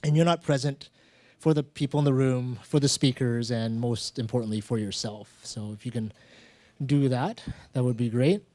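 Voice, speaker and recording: Relaxed man hosting a live story show. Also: mid-range voice, moderate pace. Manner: relaxed, conversational, acts out quoted exchanges. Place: event venue with stage.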